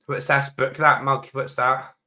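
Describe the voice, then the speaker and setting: A man's voice: mid-range voice, level tone, a little slow, bright, forceful tone. A man co-hosting a football watchalong livestream, teasing his co-host with laughter and casual chat.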